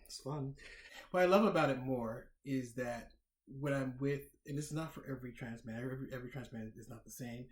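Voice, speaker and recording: A man's voice: medium pitch, brisk, slight background noise. A man in easy podcast conversation, weighing each point and often repeating a word before he goes on. His voice carries the ring of a roomy, echoing space around him. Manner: reflective, repeats words while thinking. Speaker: podcast co-host. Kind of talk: casual chat. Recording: roomy echo.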